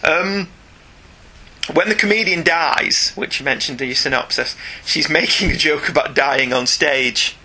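A man's voice: fairly high pitch, measured pace. A British man chatting casually and jokingly as a podcast co-host discussing comics. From Britain. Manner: chatty, jokey, animated.

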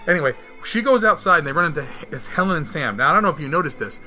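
Man, very bright voice, higher pitch, lively film recap chat, faint music underneath. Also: racing. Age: adult, married. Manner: animated, acts out quotes with big jumps in pitch. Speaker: podcast co-host reviewing a film. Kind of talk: casual chat.

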